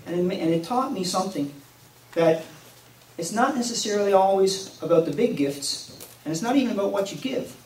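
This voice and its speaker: Newfoundland guy telling an old story, high-ish voice, echoey hall, bit far off from the mic. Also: brisk. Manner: folksy, warm-hearted, lively with laughs. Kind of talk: told personal story at a live event. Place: community hall at a Christmas event. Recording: echoey room, mic at a distance, faint noise.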